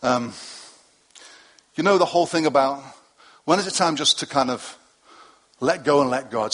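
A man's voice: mid-range voice, normal speed, pauses often, a bit bright. A middle-aged male pastor preaching to his congregation in a loose, conversational way, with asides and self-deprecating jokes. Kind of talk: sermon. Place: church hall with a congregation.

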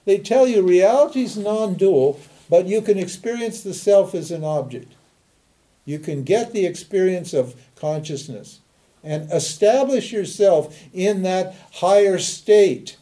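A man's voice: high-pitched, lively intonation, a little slow, warm tone. An older man from Montana, giving an emphatic teaching talk and answering his own rhetorical questions. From Montana, USA. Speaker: spiritual teacher.

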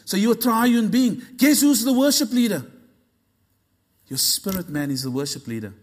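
Male pastor, high voice, lively storytelling sermon delivery. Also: normal speed. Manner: animated storytelling, acting out dialogue.

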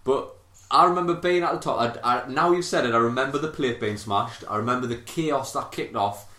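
A man, hosting a podcast and telling animated, sweary stories in casual chat. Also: medium pitch, fairly quick, reverberant. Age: 30s. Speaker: podcast host.

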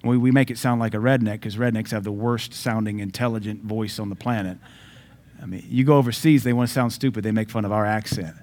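A man preaching a sermon as pastor, emphatic, swinging between loud declarations and quieter asides. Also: lowish voice, steady tone, quick pace.

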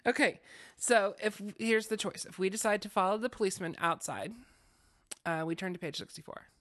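A man's voice: sits high, a little fast, a bit bright, no room sound, clean studio sound. A man co-hosting a podcast, playfully reading out choices from a choose-your-own-adventure book and joking with his friend. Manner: playful, jokey, talks through choices. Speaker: podcast co-host playing a gamebook.

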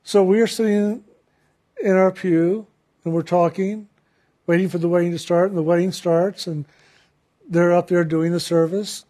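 A man giving a reflective spiritual talk as a teacher, gentle in tone and laughing easily while he tells a story. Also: sits high, steady tone, moderate pace, pauses often.

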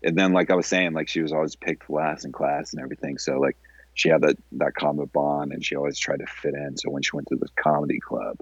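A young man with an extremely deep voice chats casually, meandering through a story full of pauses and fillers. The recording is dry and a little dull, as if the top end were rolled off. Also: steady tone, slightly rough, dry recording. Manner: rambling, hesitant storytelling with fillers. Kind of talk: casual comedic banter.

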